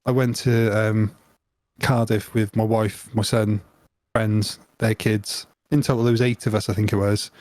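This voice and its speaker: A man's voice: on the low side, level tone, unhurried, a little mellow, dry recording. A man, co-hosting a podcast with teasing jokes and casual banter. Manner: joking, teasing interjections. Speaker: podcast co-host.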